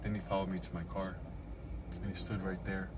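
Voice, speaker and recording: A middle-aged vlogger, clearly shaken, sits in his parked car in a lot and recounts an encounter in agitation, swearing and going over the same points, captured on a phone. His voice sits low with a level tone and a slightly fast pace, amid background noise.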